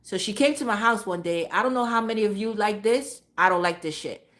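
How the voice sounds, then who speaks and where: A woman's voice: medium pitch, a little fast, a bit bright. A woman streamer telling a casual story, swearing freely and repeating phrases for emphasis. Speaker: live streamer.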